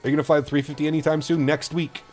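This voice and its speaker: A man's voice: fairly high pitch, little pitch movement, very fast, a little mellow, faint music behind. A man from Canada streaming a flight simulator, chatting casually with his viewers and swearing freely. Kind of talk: casual live-stream commentary.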